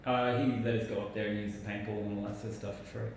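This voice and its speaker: A man in a casual chat, relaxed, asking short questions and chiming in. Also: on the low side, racing, distant mic. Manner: relaxed, brief interjections and questions. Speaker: conversation partner. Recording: echoey room, away from the mic, faint noise.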